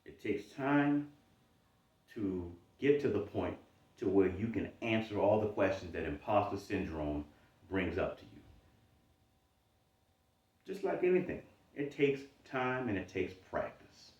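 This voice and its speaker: A man coaching on self-improvement in a monologue, animated, sometimes mocking his own doubts in a higher voice. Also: a little slow, long pauses. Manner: animated, acts out inner doubting voice in high mocking tones. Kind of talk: explanatory monologue. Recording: dull roomy sound from mic at a distance.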